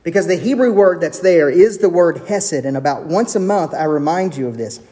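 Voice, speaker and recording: A man preaching a sermon as pastor, earnest, with shifts of pace and soft, hushed quoted lines. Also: a little high, lively intonation, moderate pace. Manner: earnest, varies pace, drops to soft intimate tones for quotes. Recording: long hall reverb.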